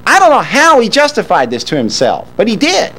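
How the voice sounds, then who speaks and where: A man preaching a sermon, reading a Bible passage and retelling it with animated asides, acting out the characters' lines. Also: brisk, rough recording. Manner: animated, with sharp swings in pitch for emphasis.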